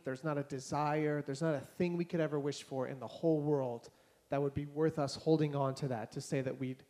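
Animated male pastor telling stories. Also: on the high side. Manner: conversational, animated, acts out dialogue. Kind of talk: casual sermon with storytelling. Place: church hall before a congregation.

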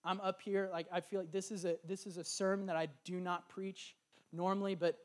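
A young man preaching a sermon, retelling a story with lively quoted voices. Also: high voice, a little fast.

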